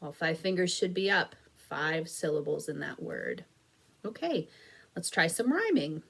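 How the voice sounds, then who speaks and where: A woman's voice: low-pitched, huge pitch swings, measured pace, vocal fry, a bit bright, breathy edge. A woman teaching an early reading lesson for young children, patient and encouraging, sounding out and stretching words carefully. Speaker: elementary school teacher. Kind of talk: slow, clear phonics lesson video for children.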